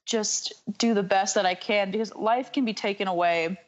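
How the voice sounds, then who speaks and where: Podcast guest: woman with a North Carolina Southern accent, casual and halting, mid-range voice. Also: mid-range voice, highs cut off. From North Carolina, USA. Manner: rambling and halting, full of "like" and "um".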